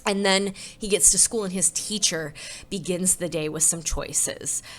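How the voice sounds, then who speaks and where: A woman reading a children's storybook aloud and then giving parenting tips, expressive and conversational. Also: fairly low pitch, unhurried. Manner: expressive, conversational, says "right?". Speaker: storybook reader and parenting presenter.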